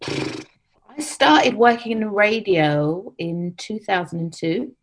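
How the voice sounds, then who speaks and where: A woman's voice: mid-range voice, lively intonation, slow, slight background noise, rough recording. A woman from England, a radio producer who chats as a podcast guest and repeats her key points with emphasis. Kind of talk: casual chat.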